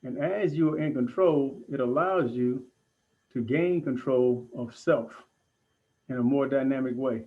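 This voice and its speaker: A man's voice: medium pitch, phone-quality sound. Man guiding a breathwork lesson. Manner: calm, deliberate instruction with pauses. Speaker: breathwork instructor.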